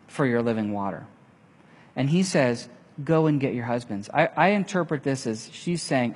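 A man preaching a sermon, telling a story in lively fashion and acting out the lines of the people in it. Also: medium pitch, moderate pace. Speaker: pastor. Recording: long hall reverb.

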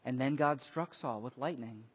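A man preaching a sermon, telling stories and acting out quotes with sudden loud bursts. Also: medium pitch, moderate pace, breathy edge. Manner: animated storytelling, acts out quotes with big swings in loudness. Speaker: pastor. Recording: long reverb of a large hall.

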